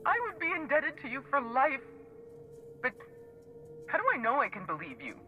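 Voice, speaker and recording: An actress voicing a frightened young woman shut behind a locked door in a video game, anxious and talking herself calm. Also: high voice, normal speed, narrow, tinny audio, faint music behind.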